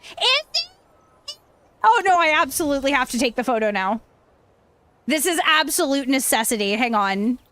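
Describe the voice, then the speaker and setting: A woman's voice: high voice, lively intonation, brisk, a bit bright. A woman streamer chatting casually while gaming, bubbly and talkative, answering chat, sounding tired.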